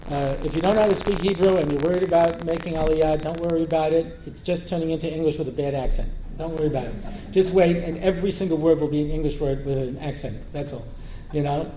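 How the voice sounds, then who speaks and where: Man, rabbi's Torah class, high voice, mellow tone, animated joking storyteller, roomy hall. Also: fast. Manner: animated storyteller, translating Hebrew verses and joking. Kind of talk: Torah lecture with humorous asides. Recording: roomy lecture-hall recording with faint noise.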